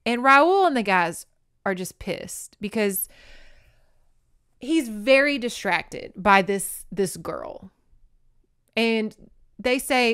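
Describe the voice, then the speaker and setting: A woman hosting a podcast, recapping a novel in a sarcastic, chatty, animated way. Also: a little high, takes it slowly, long pauses, smooth, dry recording, studio quality. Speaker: podcast host. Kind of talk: casual book recap.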